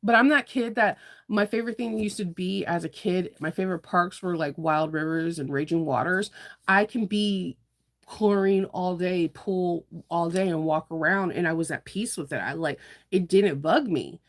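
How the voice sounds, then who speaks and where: A woman's voice: on the low side, normal speed. A woman hosting a sewing livestream, chatting casually, laughing often and answering viewers' comments as she works.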